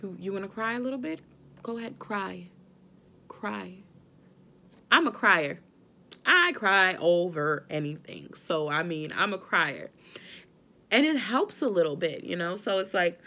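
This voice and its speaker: A mother vlogging straight to her viewers, earnest and gentle, reassuring them that they are not alone. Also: mid-range voice, big pitch swings, normal speed. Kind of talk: heartfelt direct-to-camera talk.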